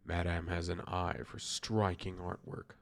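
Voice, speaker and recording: A man putting on the voice of a fussy, refined gentleman detective while playing a game, with formal, precise phrasing. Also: low-pitched, little pitch movement, measured pace. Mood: admiring. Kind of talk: in-character voice while streaming a game.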